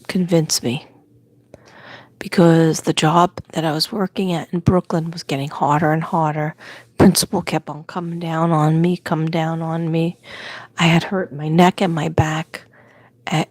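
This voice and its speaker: A woman's voice: low voice, no echo. Chatty older New York woman. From Staten Island, New York. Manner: chatty, rambling storyteller. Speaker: livestream host. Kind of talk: casual chat.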